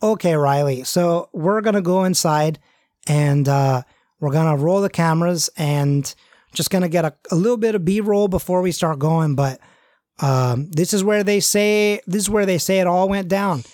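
A performer voicing a rowdy male ghost hunter with a gentle upper-Midwest drawl, chatty and hesitant. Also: medium pitch, a little slow, no echo, lightly acted. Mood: eager.

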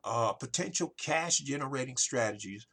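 Male podcast host, salesy and gravelly, slightly husky. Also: medium pitch, animated, normal speed. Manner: salesy, repeats "ladies and gentlemen". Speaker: podcast host, marketing consultant. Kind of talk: solo podcast monologue.

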